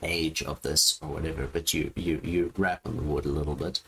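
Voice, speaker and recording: A man running a tabletop game as game master, describing scenes in a halting way over a voice call. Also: extremely low pitch, flat delivery, vocal fry, fairly bright tone, slight background noise. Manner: halting, with many restarts and fillers.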